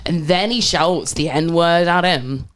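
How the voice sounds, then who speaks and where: A young woman, co-hosting a podcast and telling a bar story in an animated, sweary way. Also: fairly low pitch, takes it slowly. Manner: animated, sweary, laughs often. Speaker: podcast co-host. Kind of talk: casual chat, storytelling.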